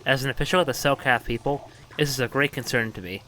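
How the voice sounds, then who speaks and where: A man's voice: medium pitch, quick pace, sharp tone, a little hiss or hum, natural voice, rough recording. A man reading the lines of a formal, worried male alien official in his own voice. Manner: formal, earnest.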